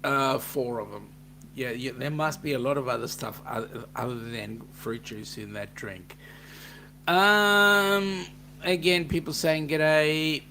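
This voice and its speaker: A man's voice: medium pitch, takes it slowly, sharp tone, a little hiss or hum. A man with an Australian accent co-hosting a casual livestream chat, reading out viewer comments with a joking, teasing manner.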